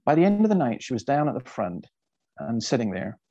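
A middle-aged man speaking to a church audience, telling stories as an evangelist, animated and often repeating himself. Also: mid-range voice, a little fast, muffled recording. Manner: animated storyteller who repeats words and restarts sentences. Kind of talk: storytelling talk to a church audience.

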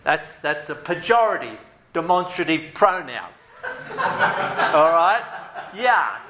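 A man preaching a sermon in a lively, humorous way, with playful asides. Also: a little high, takes it slowly, roomy sound, a little hiss or hum.

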